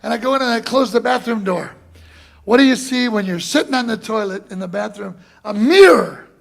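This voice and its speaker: A man teaching a drum masterclass, telling a long story in an animated way and acting out other people's voices with shouts. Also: sits high, brisk, creaky. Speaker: drum clinician. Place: college classroom before an audience.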